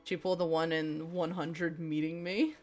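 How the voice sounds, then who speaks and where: A woman livestreaming a game, chatting casually with her viewers, swearing often and reacting loudly as she plays. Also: deep voice, little pitch movement, moderate pace. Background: faint game music.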